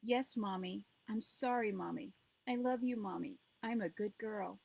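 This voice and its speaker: A woman's voice: medium pitch, expressive, unhurried, darkish tone. A woman reading a storybook aloud and voicing a small, frightened girl who pleads and stammers through tears. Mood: sobbing plea. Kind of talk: audiobook reading.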